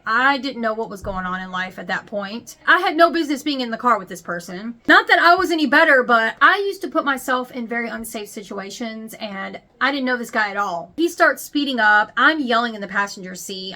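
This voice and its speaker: A woman's voice: a little high, animated, a little fast, few pauses, pushed and bright. A woman vlogger telling a personal story straight to camera in a candid, chatty and emphatic way. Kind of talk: confessional storytime.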